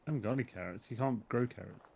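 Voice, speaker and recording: A man's voice: mid-range voice, rapid-fire, gravelly, darkish tone, lo-fi sound. Laid-back man chatting over faint noise. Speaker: co-player. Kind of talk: casual chat while gaming.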